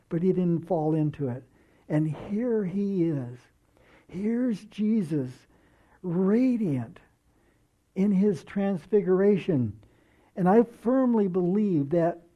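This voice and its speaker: A man preaching a sermon in a slow, earnest way, dropping soft and low when he quotes. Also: dull audio.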